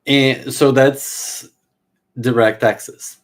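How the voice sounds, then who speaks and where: A man's voice: mid-range voice, steady tone, drawn-out words. A man giving a live teaching talk on a therapy method, explaining casually with restarts and acting out short client and therapist exchanges. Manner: casual, many fillers and restarts. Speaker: therapy trainer.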